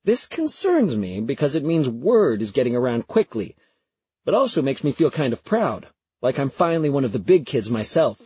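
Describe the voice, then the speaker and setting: Husky man telling a lively first-person story. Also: medium pitch, moderate pace. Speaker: audiobook narrator. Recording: dry, slightly muffled recording.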